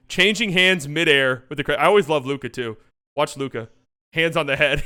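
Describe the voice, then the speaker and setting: A man hosting a sports channel, talking through game footage in a casual, excitable way, swearing and joking freely. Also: fairly high pitch, a little fast, smooth. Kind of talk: casual game-film breakdown commentary.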